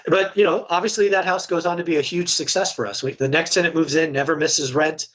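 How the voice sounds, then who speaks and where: Middle-aged man, slightly breathy voice, frank and chatty interview guest. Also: a little high, fairly even intonation, brisk, fairly bright tone. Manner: candid, conversational, many restarts. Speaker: real estate investor and guest. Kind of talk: casual podcast interview storytelling.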